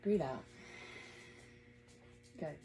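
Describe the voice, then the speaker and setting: A woman in her thirties teaching a gentle yoga class at home, guiding breaths patiently and encouragingly. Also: extremely slow, faint music behind.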